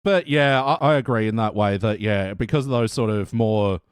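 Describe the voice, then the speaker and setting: A man's voice: lowish voice, moderate pace, smooth, no echo, clean studio sound. A man co-hosting a casual review podcast, telling stories, laughing often and leading the questions. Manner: chatty storyteller, laughs often, leads the questions. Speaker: podcast co-host.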